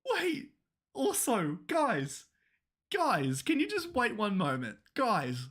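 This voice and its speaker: A woman giving live reaction commentary, excitable and swearing, stammering through restarts as her voice goes hoarse. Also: mid-range voice, slow. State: voice going hoarse. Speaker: manga reaction streamer.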